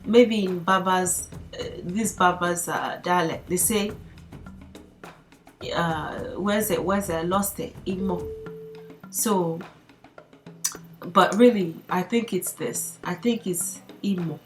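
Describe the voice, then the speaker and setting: A woman's voice: lowish voice, slow, pauses often, faint music behind. A woman teaching a language lesson in a chatty, casual way, reading lines aloud and explaining them with frequent fillers and laughs.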